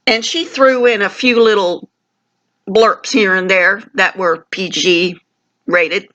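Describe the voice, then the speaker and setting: A woman's voice: mid-range voice, fairly even intonation, slow pace, a bit bright, lo-fi sound. An older woman, vlogging from a family home in a rambling, heartfelt way with many fillers, sick with a sinus infection. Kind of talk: casual rambling vlog.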